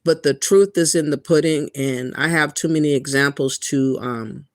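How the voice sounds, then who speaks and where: A man's voice: a little high, moderate pace, no echo. A man hosting a livestream, reacting to a clip and reading chat in an indignant, ranting way. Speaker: commentary host. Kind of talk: livestream commentary.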